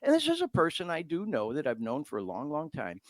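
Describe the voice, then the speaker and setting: Heartfelt man hosting a podcast, lively voice. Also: fairly high pitch, a little fast, no room sound. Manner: heartfelt, talks openly about feeling vulnerable; informal, addresses listeners as y'all and bro. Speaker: podcast host. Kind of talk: earnest podcast conversation.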